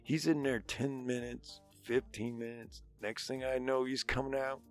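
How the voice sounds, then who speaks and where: A man's voice: medium pitch, flat delivery, unhurried, faint music behind. A middle-aged man, a father and podcast co-host, telling a long, profane anecdote in casual chat and acting out the dialogue. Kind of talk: casual storytelling.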